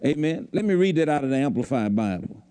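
High-voiced preacher pressing his point. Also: sing-song, fast talker, warm tone, smooth. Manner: emphatic, repeats lines for the congregation. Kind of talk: sermon. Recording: faint crowd from the congregation. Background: congregation.

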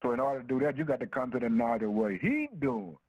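A man's voice: medium pitch, quick pace, a little mellow, slightly rough, no echo, dull audio. A man preaching a sermon in a rhythmic, emphatic way, asking himself "what?" and answering, and dropping "man" and "boy" between phrases in informal dialect. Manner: informal dialect speech with "ain't no".

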